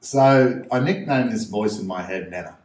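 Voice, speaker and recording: An Australian man telling stories as a guest in a casual interview, animated and acting out other people's voices. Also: fairly low pitch, normal speed, a little hiss or hum. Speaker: podcast guest, freediver. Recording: roomy echo, distant from mic.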